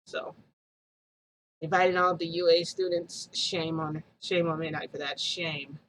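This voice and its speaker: A woman vlogger telling a story to her viewers in a chatty, animated way, acting out quoted dialogue. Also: sits low, unhurried, slight background noise, poor audio.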